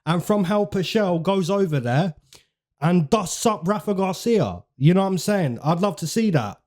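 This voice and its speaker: A man's voice: sits high, animated, moderate pace, a little mellow. A man hosting fight predictions in casual, chatty commentary, repeating phrases for emphasis and using slang.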